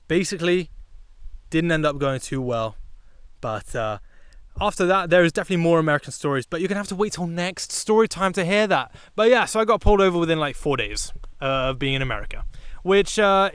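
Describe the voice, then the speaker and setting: A young British man narrates a comic storytime vlog in a lively, animated way, jumping into sudden loud bursts. His voice sits a little high for a man. The sound is dry, with no room around it. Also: clear, resonant tone, no echo. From Britain. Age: young adult. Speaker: vlogger.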